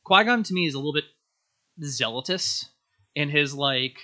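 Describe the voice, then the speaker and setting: A young man chatting as a podcast guest, telling stories in an animated way and acting out characters' lines. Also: a little high, normal speed. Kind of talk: casual podcast chat.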